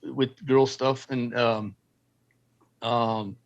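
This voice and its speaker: A man's voice: medium pitch, steady tone, extremely slow, highs cut off. A middle-aged man, a former Marine, telling war stories in a casual, profane way and acting out quotes. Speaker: guest, former Marine and film military advisor. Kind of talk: casual storytelling interview.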